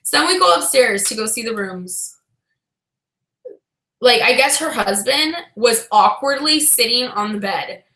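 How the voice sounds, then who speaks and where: High bright-voiced chatty woman. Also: animated, unhurried, roomy sound. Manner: chatty, peppered with "like", laughs through the story. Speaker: vlogger. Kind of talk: casual storytelling.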